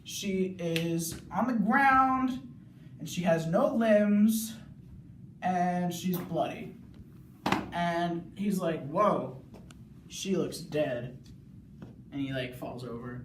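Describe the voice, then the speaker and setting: A young male student rambling through a casual plot recap, full of "like"s, now and then yelling. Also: high voice, animated, slow, slight background noise. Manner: rambling, many "like"s, bursts of yelling. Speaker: student video reviewer. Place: bathroom. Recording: echoey bathroom, mic far off.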